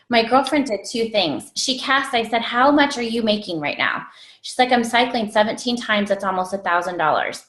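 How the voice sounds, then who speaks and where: A woman's voice: mid-range voice, a bit bright. Chatty woman telling her story, echoey room. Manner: chatty, gritty storyteller with many fillers. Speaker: guest. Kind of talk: personal story in an interview.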